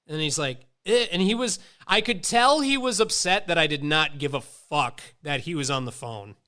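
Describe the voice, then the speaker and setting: A man in his late thirties tells stories in a loose, foul-mouthed chat, acting out every voice in them. His voice sits a bit high and rings bright and clean. His pitch swings all over the place as he talks. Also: moderate pace. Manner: profane, animated, acts out quoted voices. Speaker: podcast host. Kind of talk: casual storytelling chat.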